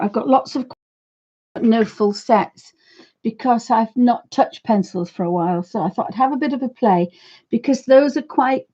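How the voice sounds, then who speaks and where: A woman in her fifties, hosting an art livestream from her home studio, chatting in a rambling, friendly way with a croaky voice. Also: a little high, darkish tone, highs cut off. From United Kingdom. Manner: chatty, rambling, talks fondly to her dog. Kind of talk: casual chat to viewers and pets.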